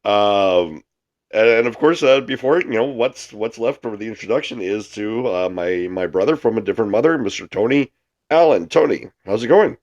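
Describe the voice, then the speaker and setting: A man with a cold, co-hosting a sports podcast in rambling, halting casual chat. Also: on the low side, darkish tone, highs cut off. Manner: rambling, halting, laughs easily. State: has a cold. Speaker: podcast co-host.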